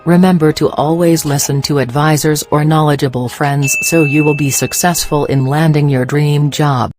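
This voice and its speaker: A narrator giving a scripted, measured reading of customer service and career advice. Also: medium pitch, steady tone. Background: faint background music.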